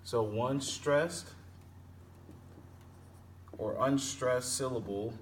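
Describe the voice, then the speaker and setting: A man teaching a lesson on poetic meter, explaining slowly and repeating and sounding out words. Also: medium pitch. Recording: distant mic with faint background noise.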